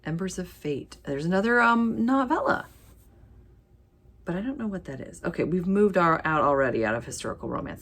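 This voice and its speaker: A woman chatting casually as a book vlogger, reading ebook titles aloud with quick, animated asides. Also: on the low side. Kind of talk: casual chat while sorting ebooks.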